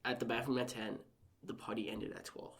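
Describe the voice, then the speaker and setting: Guesting on a podcast, a young man shares a personal story in a chatty, animated way, voicing quotes and leaning heavily on "like." He has a mid-range voice and a brisk pace.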